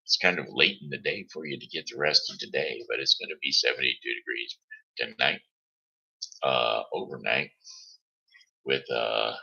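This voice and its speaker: Gravelly, very deep-voiced man hosting. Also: pushed and bright, lo-fi sound. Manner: stammers and restarts, reads names aloud. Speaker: host of a homemade live show. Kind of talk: casual live show with shout-outs and weather. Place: home setting.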